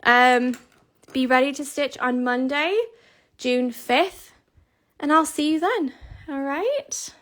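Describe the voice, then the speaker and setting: Chatty encouraging woman, slightly high voice. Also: steady tone, slow pace, long pauses, a bit bright. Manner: chatty, encouraging, many fillers, mutters asides under her breath. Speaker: cross-stitch designer hosting a stitch along. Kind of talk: casual chat while showing her screen.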